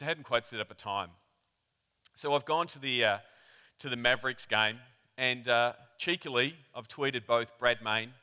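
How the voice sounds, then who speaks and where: Australian man, conference presenter, chatty storyteller, crisp clear voice, long hall reverb. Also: mid-range voice, bright, forceful tone. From Melbourne, Australia. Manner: chatty storyteller, rapid asides. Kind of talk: anecdotal keynote talk.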